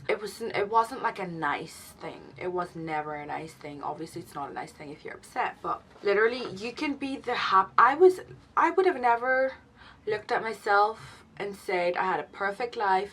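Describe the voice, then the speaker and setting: A young adult woman vlogging a confessional story as a new mother, emotional and halting, with many restarts. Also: lowish voice, a bit bright, a little hiss or hum, poor audio.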